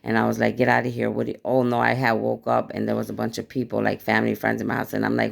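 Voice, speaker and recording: Gravelly, profane woman recounting a dream. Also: a bass voice, fast talker, hardly any pauses. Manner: animated storytelling, blunt and profane. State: dry mouth. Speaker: spiritual vlogger. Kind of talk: casual dream retelling to viewers.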